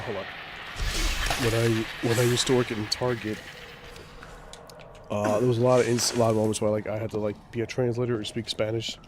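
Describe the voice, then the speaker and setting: A man's voice: fairly low pitch, level tone, brisk, long pauses, background noise. Profane joking young man streaming. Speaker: gaming streamer. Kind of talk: casual livestream chat.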